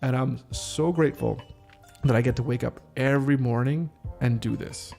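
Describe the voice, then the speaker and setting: Guy with a gravelly voice running through his script out loud, keeps stopping to rework lines, faint music behind. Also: mid-range voice, moderate pace. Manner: reads lines aloud, stops to rethink and reword. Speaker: podcast host. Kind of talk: casual solo script rehearsal.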